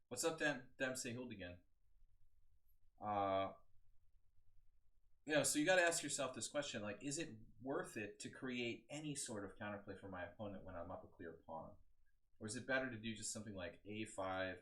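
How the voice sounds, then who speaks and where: A man in his forties with a slightly low voice talks through chess games on a live stream. He rambles casually, stops to greet viewers, and drifts into side chat before going back to the moves. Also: fairly bright tone. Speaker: chess coach. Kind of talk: live-streamed game analysis.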